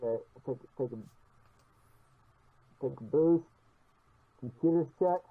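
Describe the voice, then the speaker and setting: A man playing a tabletop role-playing game, describing his actions haltingly with many restarts. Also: mid-range voice, breathy edge. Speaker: player. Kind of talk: casual play over an online call. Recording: tinny phone-like call audio.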